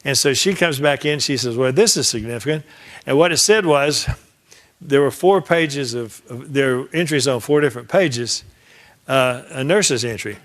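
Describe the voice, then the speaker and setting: A man's voice: mid-range voice, moderate pace. Older man telling case stories. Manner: conversational storyteller who acts out quoted dialogue; frequent restarts and repeated words. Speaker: trial lawyer teaching a class. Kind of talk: anecdotal lecture.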